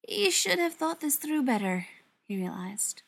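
A woman narrating a novel aloud in an unhurried reading voice. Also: high voice, big pitch swings, gravelly. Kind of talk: audiobook narration.

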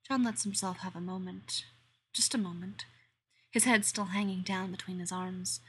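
A woman narrating an erotic audio story in a slow, intimate manner that slips into whispers. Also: medium pitch, fairly even intonation, fairly bright tone, slightly rough.

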